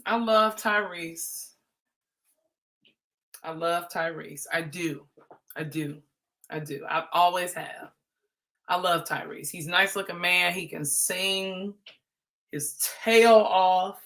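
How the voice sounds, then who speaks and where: A woman's voice: fairly low pitch, slow, creaky, pauses often, a bit bright. A woman hosting a livestream, giving chatty, playful commentary on a reality show and teasing as she goes. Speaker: livestream host.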